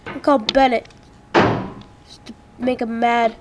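A woman's voice: fairly high pitch, little pitch movement, unhurried, pauses often, background noise. A woman playing a frustrating game on camera, exclaiming and muttering at it. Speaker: let's play gamer.

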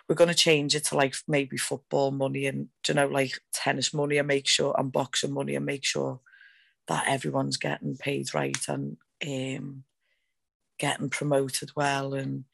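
Gravelly-voiced woman telling fight stories. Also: deep voice, no room sound. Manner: rambling, fast and animated with many fillers. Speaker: MMA fighter guest. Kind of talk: excited casual storytelling.

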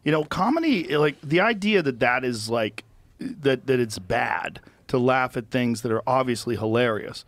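Emphatic man with a lively voice, dry sound. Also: mid-range voice, normal speed, no echo. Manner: emphatic, enthusiastic praise. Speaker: podcast host. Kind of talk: casual chat.

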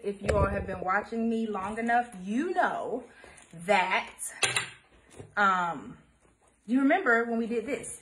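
A woman's voice: medium pitch, slight background noise. A woman, hosting a casual live embroidery stream and chatting to her viewers. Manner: chatty, expressive, addresses viewers as y'all. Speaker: embroidery livestream host.

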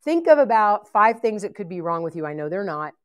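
A woman's voice: medium pitch, big pitch swings, brisk. A woman leading a live ministry training session, blunt and joking as she teaches. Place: church event hall.

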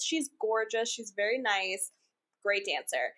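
A young woman co-hosting a podcast, her voice a touch high. She chats loosely, leaning on "like" as she builds her points, and laughs easily. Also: moderate pace, fairly bright tone. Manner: chatty, frequent "like", laughs easily. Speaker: podcast co-host. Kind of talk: casual chat.

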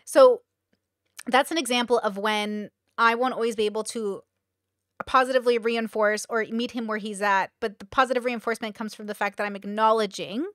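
A woman's voice: a little high, steady tone, a little fast, a bit bright, no room sound, studio quality. A woman content creator chatting candidly to camera in a rambling, confessional way. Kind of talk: casual talking-head chat.

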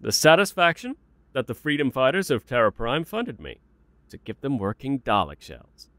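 A man's voice: medium pitch, huge pitch swings, moderate pace, fairly bright tone, dry recording. A man playing an eager young inventor pleading for his idea, in a fan audio drama.

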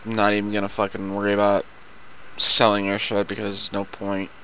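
A man's voice: lowish voice, completely flat delivery, brisk, bright, forceful tone, clear, resonant tone, low-quality recording. A man chatting casually and profanely while playing a video game with a friend. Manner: profane, loose and talkative. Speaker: gaming commentator. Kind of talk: casual gameplay chat.

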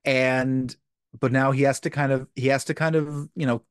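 A man with a mid-pitched voice co-hosts a podcast in easygoing chat. He rambles and restarts his sentences. The sound is dry and close. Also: little pitch movement, normal speed, clean tone, no echo. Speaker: podcast co-host. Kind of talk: casual chat about an old TV show.

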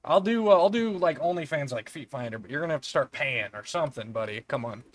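A man's voice: a little high, lively intonation, fast talker. A young man streaming a game, joking crudely and laughing often in casual chat.

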